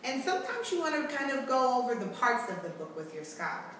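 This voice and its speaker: A woman kindergarten teacher gives a lesson in slow, clear, patient steps and keeps posing questions to her listeners. Her voice bounces around a very reverberant room, picked up from some distance. A faint hiss sits underneath. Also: a little high, sing-song, fairly bright tone. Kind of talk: recorded tutorial lesson for parents and children.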